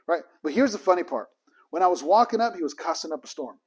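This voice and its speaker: Ministry trainer, man, high-pitched, emphatic storyteller. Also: animated, fast talker, husky. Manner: storytelling, acts out both sides of conversations, emphatic. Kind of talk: casual teaching talk.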